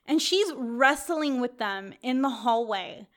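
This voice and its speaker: Young woman co-host, fairly high voice, animated storyteller, swears a lot. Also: takes it slowly. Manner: animated, swears freely, laughs often. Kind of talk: casual storytelling chat.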